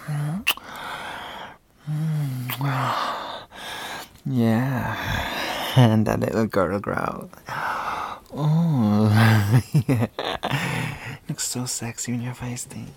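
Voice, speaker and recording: A man's voice: mid-range voice, extremely slow, pauses often, darkish tone, slight background noise. A man in a whispered role-play as a boyfriend, playful and teasing, laughing often.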